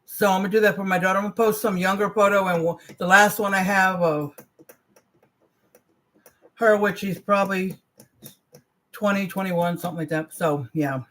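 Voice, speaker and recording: A woman's voice: medium pitch, steady tone, moderate pace, long pauses, fairly bright tone. A woman in her forties chatting casually on a livestream, rambling in trailing asides and greeting viewers. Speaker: livestream host.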